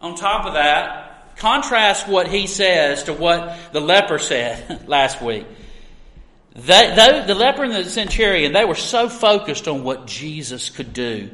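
A man delivers a sermon with earnest emphasis and pointed rhetorical questions. His voice sits high and bright. It rings through a roomy church with a long, lingering reverb. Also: very animated, measured pace. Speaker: preacher. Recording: echoey hall with long reverb.

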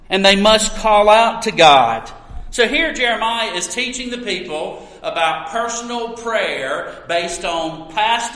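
A man preaching a sermon as pastor, earnest and storytelling, with emphatic pauses. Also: high voice, pushed and bright. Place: church sanctuary. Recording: echoey hall with long reverb.

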